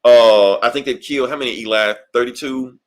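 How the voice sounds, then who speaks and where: A man's voice: mid-range voice, steady tone, a little fast. A man co-hosting a podcast, recapping a comic in rambling, profane casual chat. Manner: rambling, profane, laughs often. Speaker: podcast co-host.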